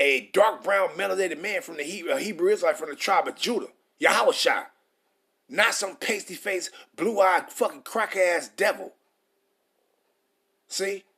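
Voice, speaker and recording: Brief: male preacher, high-pitched voice, reads scripture, then curses and berates listeners. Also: creaky, a bit bright, husky. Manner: reads verses then rants with heavy profanity; stumbles over words. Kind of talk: confrontational scripture sermon.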